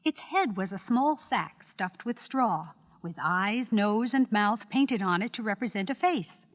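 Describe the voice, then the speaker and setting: A woman's voice: mid-range voice, lively intonation, a little slow, in a large hall. Woman narrating a children's storybook record.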